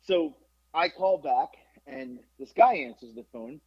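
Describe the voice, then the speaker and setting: A middle-aged man hosting a podcast, telling a story in casual chat, animated and profane with lots of fillers. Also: mid-range voice, measured pace, slightly rough. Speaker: podcast host. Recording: dull lo-fi podcast recording.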